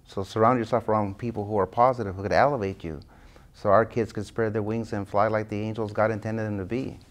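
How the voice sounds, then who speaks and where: Low-voiced man telling lively stories. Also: fast. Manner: animated anecdotes, acting out quoted dialogue. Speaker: guest author. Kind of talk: interview storytelling.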